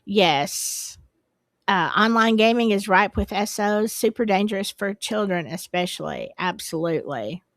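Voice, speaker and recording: A woman's voice: medium pitch, animated, unhurried, fairly bright tone, no room sound, clean studio sound. A woman hosting a live stream, chatting casually and apologizing in a flustered, rambling way. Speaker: livestream host.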